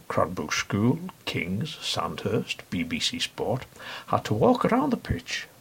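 Give me a dry, mock-pompous middle-aged man narrating, with a gravelly, very husky voice. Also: on the low side. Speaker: podcast host. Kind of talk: scripted satirical narration.

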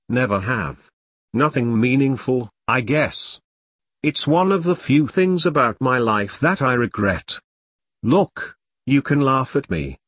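A man's voice: medium pitch, a bit bright, slightly rough, dry recording, clean studio sound, full character voice. A man voicing a weary, wry, plain-spoken male ex-soldier in an audiobook. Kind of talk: audiobook character reading.

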